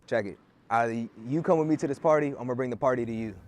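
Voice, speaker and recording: An actor playing a pushy young man who keeps pressing his friend to come to a party, talking fast in a music video skit. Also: mid-range voice, darkish tone, close to an everyday voice. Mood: coaxing. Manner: insistent, persuading.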